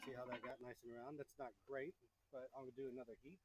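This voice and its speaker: Heavy background noise surrounds a mid-range, steady-toned male voice moving at a quick pace. It's the same kind of hands-on forging lesson: the instructor coaches a novice smith with chat, jokes and encouragement.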